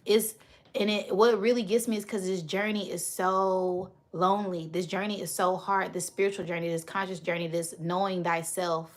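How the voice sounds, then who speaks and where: A woman's voice: fairly low pitch, fairly even intonation, moderate pace. Affectionate woman preaching to live chat. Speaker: spiritual reader. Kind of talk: live-stream chat with viewers.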